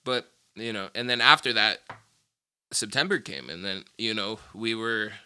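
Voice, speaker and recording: A young man with a low-pitched but very bright, forceful voice tells stories from his past in loose, rambling chat. He swears often and laughs between his stories. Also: moderate pace, smooth. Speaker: vlogger. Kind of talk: casual storytelling chat.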